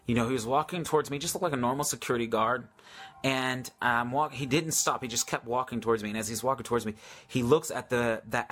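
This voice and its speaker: Hosting a casual live Q&A on faith, a man answers viewer questions with enthusiasm but also hesitation, full of ums and restarts. His voice is mid-range with a fairly bright tone.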